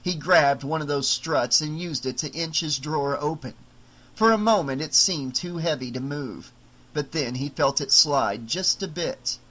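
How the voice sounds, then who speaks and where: A man narrating an unabridged audiobook in a measured, dramatic storytelling way. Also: a little high, bright, forceful tone, poor audio.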